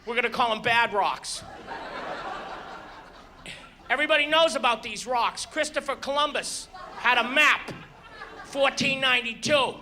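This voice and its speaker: A man doing a stand-up comedy set on stage, exasperated and ranting, bursting into loud shouts before a live audience. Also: very high voice, unhurried, long pauses. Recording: live show with audience laughter and noise.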